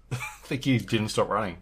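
A man's voice: on the low side, moderate pace, breathy edge. A man co-hosting a casual gaming podcast, tossing in brief joking remarks. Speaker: podcast co-host.

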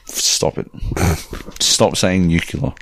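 A man's voice: sits low, very slow, creaky, fairly bright tone, breathy edge, no room sound. A man co-hosting a podcast in casual, sweary chat, reading listener emails aloud. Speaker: podcast co-host.

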